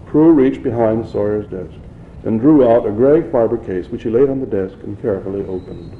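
A man's voice: fairly low pitch, moderate pace, reverberant, phone-quality sound, slight background noise. A man reading a novel aloud, unpolished, with some restarts. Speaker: reader.

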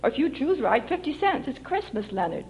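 A stern woman scolds and coaxes her fortune-telling cat with sharp impatience, as a woman reading a story puts her on. The voice sits somewhat high. The recording is dull and lo-fi, like old archival tape. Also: big pitch swings, fairly quick. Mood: scolding.

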